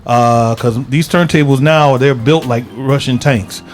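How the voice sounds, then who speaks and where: A man's voice: medium pitch, a little slow. A man co-hosts a call-in radio show in an easygoing way. His phrases often trail off. Faint music sits underneath. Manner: laid-back, trailing off. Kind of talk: casual radio chat.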